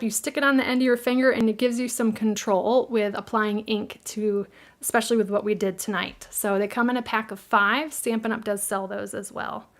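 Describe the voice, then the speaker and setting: Her voice is a little high and a bit bright: a middle-aged woman with a Midwestern American accent running a live crafting tutorial. She's friendly and chatty, quick to laugh, and responds to viewers' questions.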